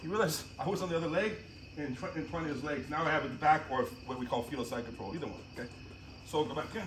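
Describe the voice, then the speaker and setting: A man's voice: fairly high pitch, very fast. A man teaching jiu-jitsu technique on the mat, talking casually and laughing often while he demonstrates. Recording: noisy gym audio.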